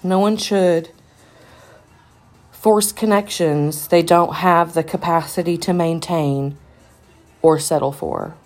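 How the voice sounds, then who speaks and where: A woman's voice: on the low side, steady tone, takes it slowly, pauses often, a little mellow, faint music behind. A woman hosting a podcast in a casual monologue, rambling with lots of fillers and restarts. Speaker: podcast host.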